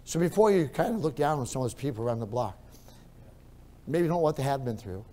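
A male pastor preaching a sermon, repeating his phrases and moving between quiet storytelling and loud, raised preaching. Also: medium pitch, animated, fast.

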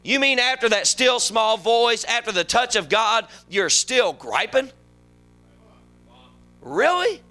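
A man in his forties preaching a sermon, animated, acting out characters and shouting on emphatic lines. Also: very high voice, takes it slowly, long pauses. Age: 40s. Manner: animated, shifts into voices for biblical characters and complainers.

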